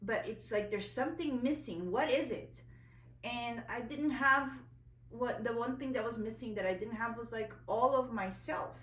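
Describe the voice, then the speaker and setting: A woman's voice: on the high side, normal speed, fairly bright tone, roomy sound, far from the mic, poor audio. A woman vlogger telling a personal story in a candid, emotional way, a little nervous, full of fillers and restarts.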